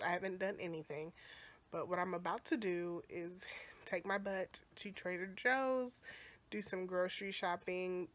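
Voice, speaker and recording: A woman, telling a story in a casual, animated vlog and calling her viewers y'all. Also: on the low side. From Texas. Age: 20s. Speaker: vlogger. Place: on the move through airport, car and stairwell. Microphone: phone held at arm's length. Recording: loud noise behind the voice.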